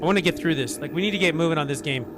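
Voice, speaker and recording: A man in his forties with a hoarse, scratchy voice after being sick, chatting casually and rambling to viewers during a game stream at home. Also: fairly high pitch, rapid-fire. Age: 40s. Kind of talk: casual live-stream chat.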